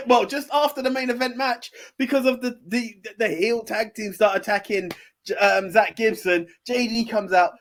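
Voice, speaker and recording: A man's voice: high-pitched, steady tone, moderate pace, a bit bright. A man, hosting a podcast in casual, enthusiastic chat with many fillers and restarts. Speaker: podcast host.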